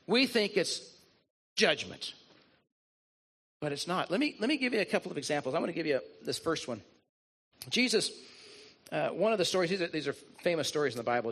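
Man, pastor, sermon, slightly high voice, earnest, repetitive storytelling. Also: bright, forceful tone.

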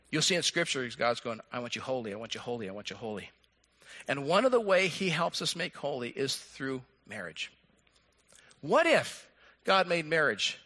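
A man preaching a sermon to his congregation, swinging from animated, acted-out lines down to a soft hush. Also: a little high. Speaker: pastor.

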